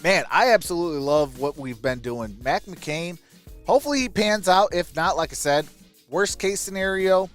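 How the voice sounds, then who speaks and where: Man, somewhat high voice, casual sports commentary, enthusiastic fan host, chatty asides, faint music behind. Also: a bit bright.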